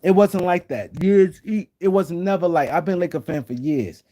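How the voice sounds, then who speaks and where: A man's voice: high-pitched, moderate pace, mellow. A man hosting a casual live-stream sports talk show, rambling and repeating himself as he talks to viewers in the chat.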